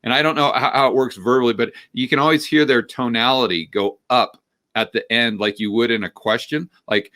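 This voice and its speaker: A man with a bright, forceful voice talks as a podcast guest. He is animated and often stumbles over repeated words as he begins a thought. The pitch sits in a middle range for a man. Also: fairly quick. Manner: animated, repeats words when starting sentences. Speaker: interview guest, finance commentator. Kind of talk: casual podcast conversation.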